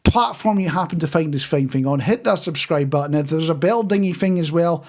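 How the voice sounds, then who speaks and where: A man's voice: fairly high pitch, a little fast, a little mellow. A man co-hosting a casual podcast, telling stories with chuckles and restarts. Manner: chatty storyteller, frequent restarts and chuckles. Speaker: podcast co-host. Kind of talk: casual chat.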